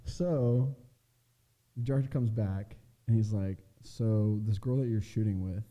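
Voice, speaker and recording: A man's voice: lowish voice, unhurried, warm tone. A young man telling a story as a guest on a casual chat show, in a loose, laid-back way, full of fillers and swearing. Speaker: podcast guest, adult film performer.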